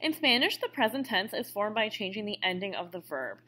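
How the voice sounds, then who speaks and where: Bright, animated woman teaching. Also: medium pitch, fairly quick, slight background noise. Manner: patient, explains step by step. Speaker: Spanish teacher. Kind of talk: recorded classroom lesson.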